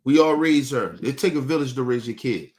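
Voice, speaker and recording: A man at an ordinary middle pitch rants to his live chat, blunt and full of swearing. He hammers his points and often repeats or restarts words as he presses on. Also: lively intonation, brisk, a little mellow. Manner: profane, blunt and emphatic. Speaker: livestream host. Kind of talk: casual rant to a live chat.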